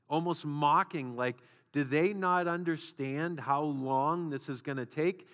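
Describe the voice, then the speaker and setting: A man's voice: a little high, measured pace, hardly any pauses, fairly bright tone. A man preaching a sermon as a pastor, with repeated phrases and rhetorical questions. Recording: long hall reverb.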